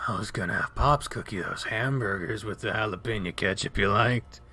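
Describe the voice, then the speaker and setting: A man voicing an injured, groggy young male wolf who mumbles in a flat, deadpan way, lower and softer than his own voice. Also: moderate pace, husky. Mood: flat mumbling. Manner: deadpan mumble, low and soft.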